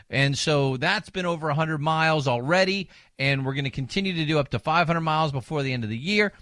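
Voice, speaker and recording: A man hosting a talk radio show as a fill-in, delivering an animated, sarcastic monologue into a studio microphone. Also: medium pitch, fairly quick, no room sound. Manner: animated, sarcastic, mocks opponents.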